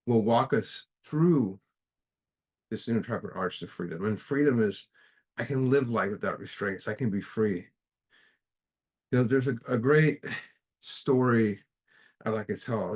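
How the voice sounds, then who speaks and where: A middle-aged man giving a casual spiritual talk at a study group, halting and filling pauses with "you know" as he tells a parable. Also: lowish voice. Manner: halting, with restarts and many fillers.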